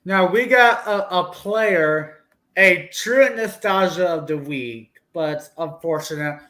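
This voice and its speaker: A man's voice: high voice, slow pace, bright, forceful tone. A man co-hosting a casual sports chat, easygoing and joking. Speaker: podcast co-host.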